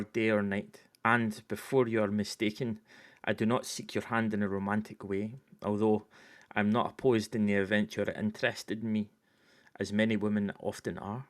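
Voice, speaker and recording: A man's voice: fairly low pitch, a bit bright, close to an everyday voice. A man playing a pompous, self-important male Discord regular, reading in a stiff, formal, smug way. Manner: stiff, formal, smug delivery with slow pauses.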